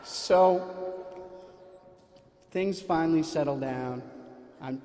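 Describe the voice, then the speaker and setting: Man, live comic storyteller, animated, self-mocking, higher voice, echoing hall. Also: takes it slowly, over music.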